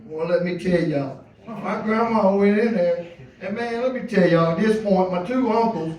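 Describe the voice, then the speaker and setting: A first-time comedian telling a story on stage, animated and colloquial, laughing as he goes. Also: sits high, normal speed. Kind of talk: stand-up storytelling. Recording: echoey club from far off.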